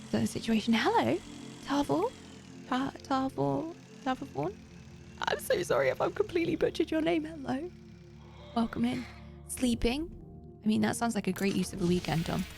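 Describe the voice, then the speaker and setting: Female streamer, chatty and direct with viewers, voice with a fry edge. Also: a little high, a little mellow. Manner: chatty, talks straight to viewers. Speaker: live streamer. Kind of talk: casual gaming stream chat.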